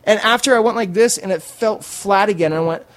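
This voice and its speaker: Excitable, profane man telling a story. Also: high voice, fairly quick, no room sound. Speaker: podcast guest. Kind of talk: casual storytelling.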